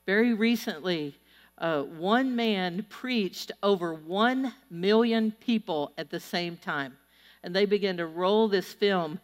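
Energetic woman preaching in a reverberant hall. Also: mid-range voice, slow. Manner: animated storytelling, exhorting the audience. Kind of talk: sermon.

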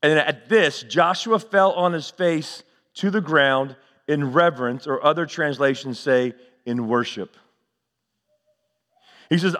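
A man's voice: a little high, unhurried, fairly bright tone, in a large hall. A man preaching a sermon to his church, questioning the congregation and answering in a rising and falling delivery. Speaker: pastor.

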